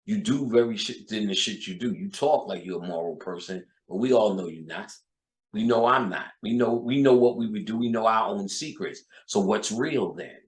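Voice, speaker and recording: A man's voice: on the low side, moderate pace, reverberant, low-quality recording. A man with a New York accent, talking in a profane, rambling, casual monologue full of street slang. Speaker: channel host.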